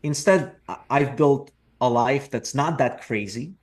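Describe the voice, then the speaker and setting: A man's voice: mid-range voice, a little slow. A middle-aged man from Russia, a real estate investor talking as a podcast guest in a reflective, repetitive way with dry jokes. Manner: reflective, repeats words, dry joking. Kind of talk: casual interview talk.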